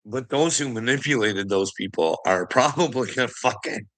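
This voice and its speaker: Male commentator, bright tone, mocking and profane, frequent laughter. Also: mid-range voice, normal speed. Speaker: online commentator. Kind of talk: casual rant.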